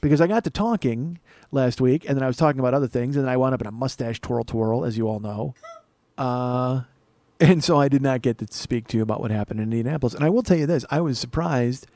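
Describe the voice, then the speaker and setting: A middle-aged man hosting a comedy podcast, rambling through a solo monologue with self-mocking asides and sudden bursts of loud mock-outrage. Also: medium pitch, quick pace, dry recording. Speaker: podcast host.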